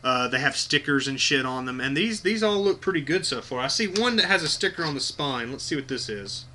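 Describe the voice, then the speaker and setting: A man's voice: a little high, lively intonation, a little fast, bright, forceful tone, slight background noise. A man hosting a casual unboxing video, talking bluntly and enthusiastically with plenty of swearing. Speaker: video host.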